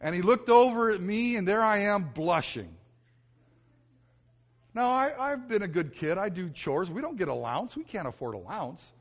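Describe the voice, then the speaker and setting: A male pastor preaching earnestly and telling a personal story, often dropping to a soft, hushed voice and repeating himself when moved. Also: sits high, sing-song, moderate pace. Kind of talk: sermon.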